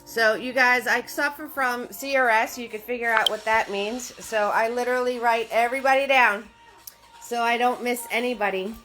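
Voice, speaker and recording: A woman's voice: fairly high pitch, steady tone, moderate pace, over music. A woman running a live-stream painting class, chatty and often laughing, greeting her viewers by name in a sing-song voice. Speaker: painting instructor.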